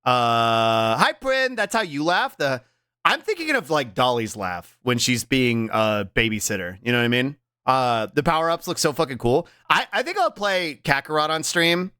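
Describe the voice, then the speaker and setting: Male streamer, casual live chat, lively pitch, bright forceful tone, dry close-mic sound, breaks into loud laughs. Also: clear, resonant tone, dry recording. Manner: animated, laughs loudly, slips into quick character voices.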